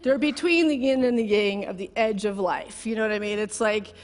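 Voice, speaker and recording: A woman's voice: mid-range voice, brisk. A middle-aged woman giving a heartfelt, conversational sermon built around a personal story, close to tears. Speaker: guest speaker. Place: large church sanctuary. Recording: long hall reverb.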